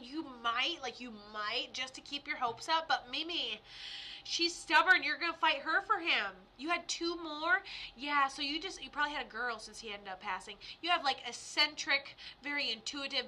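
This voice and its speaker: Bright, high-voiced chatty woman medium. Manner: chatty, giggly, acts out quoted voices. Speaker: medium hosting a live stream. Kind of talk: casual live-stream reading.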